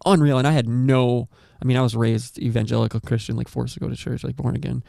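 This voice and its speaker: A man hosting a podcast, telling a story in a rambling, animated way with lots of swearing and acted-out quotes. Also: medium pitch, quick pace, creaky, no echo, studio quality. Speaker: podcast host. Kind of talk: casual storytelling chat.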